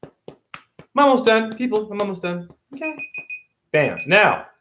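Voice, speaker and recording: Man live-streaming a rambling monologue; rhymes and puns, fairly high-pitched, erratic. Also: big pitch swings, unhurried, fairly bright tone, slight background noise. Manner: rhyming wordplay, erratic jumps in pitch and pace. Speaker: self-styled spiritual teacher streaming live.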